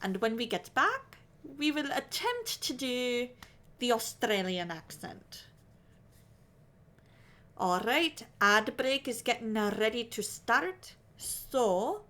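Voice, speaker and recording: Chatting casually on a live stream while she crochets, a woman adopts a fake Scottish accent and wonders aloud if she's getting it right. Her voice is fairly high with a sharp tone.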